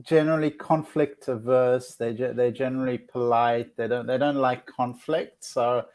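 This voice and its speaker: A man living in Australia, hosting a relaxed chat as a psychic, earnest and often restarting his phrases. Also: medium pitch, normal speed. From born outside Australia. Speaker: psychic host. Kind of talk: casual chat.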